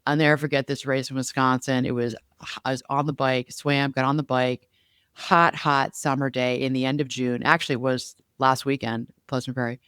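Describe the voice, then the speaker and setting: A woman talks in a smooth, even-toned voice, recorded close and dry with no room around it. She co-hosts a casual podcast and tells her stories in an animated, chatty way. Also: a bass voice, moderate pace, no room sound. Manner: animated storyteller, lively and chatty. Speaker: podcast co-host.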